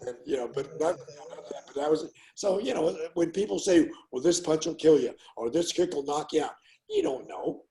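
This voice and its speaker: A man's voice: on the high side, normal speed, creaky, poor audio. An older man, a former fighter, telling stories in a casual interview and acting out what people said. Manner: animated storyteller, acts out quotes loudly.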